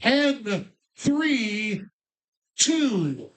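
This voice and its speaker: A man calling bingo numbers in a bar, drawing each number out slowly between joking asides to the players. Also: high voice, big pitch swings, fairly bright tone. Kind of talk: live bingo calling with banter.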